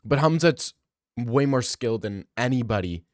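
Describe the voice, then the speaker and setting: A young man streaming and chatting casually with viewers. He talks in excited, fast bursts and often repeats himself. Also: mid-range voice, dry recording, studio quality.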